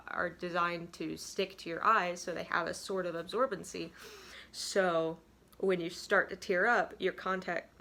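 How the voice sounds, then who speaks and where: A woman's voice: lowish voice, a bit bright. A young woman vlogger talking casually and self-deprecatingly, full of "like" and asides. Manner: rambling, self-deprecating, frequent "like". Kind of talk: casual confessional tips.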